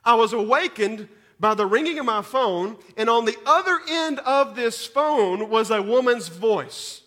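A man, preaching a sermon that moves between scripture reading, prayer and lively storytelling, often repeating words as he goes. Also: unhurried. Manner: animated storyteller, repeats words, rises in pitch and volume at dramatic moments. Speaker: pastor.

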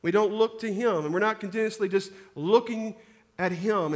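A man with a notably high voice preaches a sermon, stumbling into restarts and doubling his words as he drives each point home. His voice rings out with long reverb, as in a large church hall. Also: normal speed. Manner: preaching with frequent restarts and repetitions. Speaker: pastor.

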